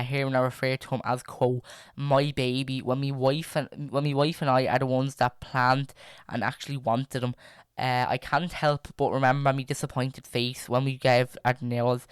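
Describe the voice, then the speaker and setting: A young man hosting a casual podcast, reading stories aloud and drifting into rambling asides full of fillers and restarts. His voice is smooth and clear. The sound is dry and close, with no room echo. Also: mid-range voice.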